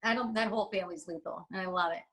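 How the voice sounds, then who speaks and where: A woman's voice: on the low side, very fast, fairly bright tone, poor audio. Heartfelt, rambling woman guest. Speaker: podcast guest. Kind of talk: candid interview talk.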